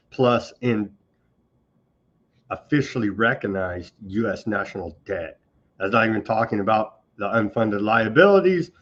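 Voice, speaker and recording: Heard through dull audio, this host's voice sits on the low side. Running a news commentary program, he reads out on-this-day items and ridicules them with thick sarcasm, openly scornful of government.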